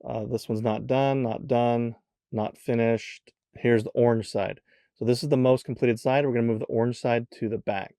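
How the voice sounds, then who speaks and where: A man's voice: medium pitch, fairly even intonation, normal speed, dark tone, no echo, clean studio sound. A man hosting a step-by-step puzzle tutorial in a casual way, counting the moves aloud as he demonstrates them. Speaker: tutorial host.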